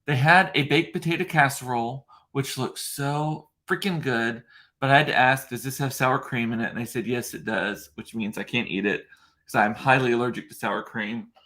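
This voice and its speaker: A man's voice: medium pitch, fairly even intonation, normal speed, pushed and bright. A man from South Texas, talking casually to viewers in a rambling way, full of fillers and restarts, and stopping to answer their comments. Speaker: vlogger. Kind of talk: casual live-stream chat.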